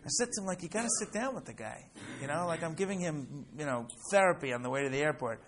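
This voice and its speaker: A man's voice: a little high, lively intonation, quick pace, background noise. A middle-aged man teaching a class in a casual, chatty way, telling a story with lots of fillers and "right?" check-ins. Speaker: Torah teacher.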